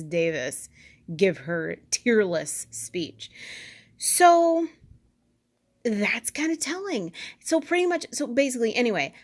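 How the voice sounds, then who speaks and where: Woman, vlogger, casual monologue, rambling, skeptical, chatty, medium pitch. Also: a little slow.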